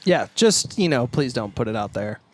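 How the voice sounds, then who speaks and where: A man's voice: medium pitch, big pitch swings, normal speed, slight background noise. A young man co-hosting a casual band podcast, laid-back and sarcastic, swearing casually. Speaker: podcast co-host, band guitarist. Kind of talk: casual chat.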